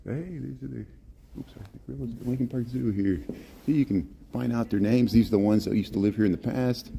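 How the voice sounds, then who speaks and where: A man's voice: mid-range voice, brisk, vocal fry, dark tone, slight background noise. Chatty man live-streaming a snowy outdoor walk. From Chicago area. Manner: chatty, laughs often, talks back to viewer comments. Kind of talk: casual live-stream chat. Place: outdoor zoo in snow.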